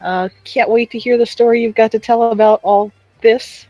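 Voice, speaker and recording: A man putting on a squeaky excitable tavern regular. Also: normal speed, no echo, highs cut off, soft background music. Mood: eager greeting.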